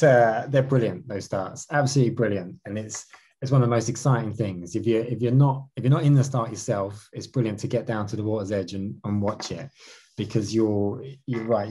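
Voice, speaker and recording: A man's voice: lowish voice, mellow, slightly rough. A man answering interview questions about his racing career, talking animatedly with many restarts. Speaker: marathon canoe racer.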